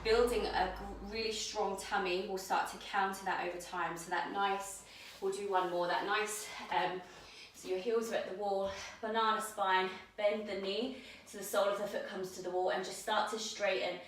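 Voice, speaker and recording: A woman leads a yoga class, calmly talking through each movement while she demonstrates, a little out of breath. Her voice sits in the middle range. The mic is some distance away in a very echoey room with a faint hiss behind her. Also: mid-range voice, normal speed, few pauses. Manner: calm, guiding cues while demonstrating. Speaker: yoga teacher.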